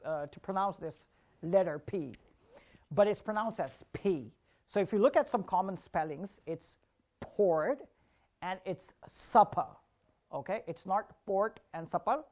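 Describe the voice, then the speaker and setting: Woman teaching pronunciation, slow and careful. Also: lowish voice, warm tone. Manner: slow, careful demonstration of sounds in contrasting pairs. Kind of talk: online pronunciation lesson.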